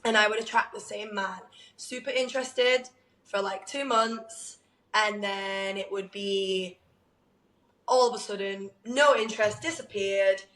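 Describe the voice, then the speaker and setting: A woman co-hosting a podcast, telling a candid personal story in an animated way, laughing often and using lots of "like.". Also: medium pitch, unhurried, echoey room, low-quality recording. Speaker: podcast co-host.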